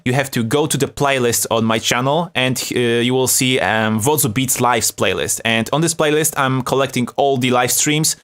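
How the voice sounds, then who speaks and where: A young Polish man hosts a live music-production stream in English. He speaks with a Polish accent and a mid-pitched voice, chatting loosely, greeting viewers and laughing often as he reads their messages out. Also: a bit bright. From Poland. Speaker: beat-making livestream host. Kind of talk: casual live-stream chat.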